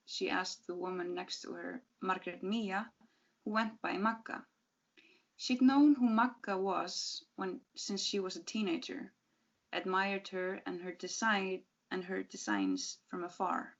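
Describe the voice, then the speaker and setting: A woman's voice: mid-range voice, a bit bright. Woman reading a story over dull audio. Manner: measured reading with occasional self-corrections. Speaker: reader at a literary event. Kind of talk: reading a short story aloud.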